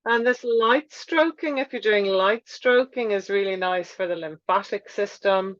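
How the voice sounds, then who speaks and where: A woman yoga teacher gently guiding a slow movement class in a room with a wooden floor. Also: lowish voice, dry recording, lo-fi sound.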